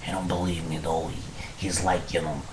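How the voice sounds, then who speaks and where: A man's voice: low-pitched, level tone, moderate pace, a little hiss or hum, close to an everyday voice. A man putting on a hot-tempered middle-aged mobster cook, swaggering, swearing and rambling in an improvised comic monologue, recorded on a webcam at home. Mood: blustering. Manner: tough-guy swagger, heavy swearing, rambling.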